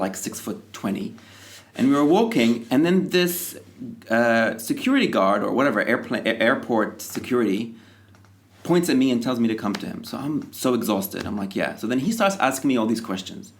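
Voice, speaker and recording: A male podcast host telling a personal story in a relaxed, conversational way. His voice sits at a medium pitch. He livens the telling by acting out the lines of the people in his anecdote. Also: brisk. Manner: animated anecdotes with acted-out quotes.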